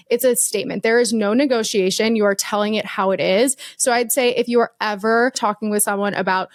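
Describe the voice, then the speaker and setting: A woman's voice: a little high, fairly quick, few pauses, no echo, studio quality. A young adult woman co-hosting a business podcast, explaining ideas in casual chat with frequent "like" and "um" fillers. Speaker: podcast co-host.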